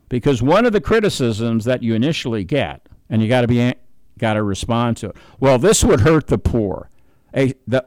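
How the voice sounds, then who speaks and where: A man's voice: mid-range voice, a little mellow, no room sound. An older American man giving an unscripted political monologue, explaining his points emphatically and repeating words for stress.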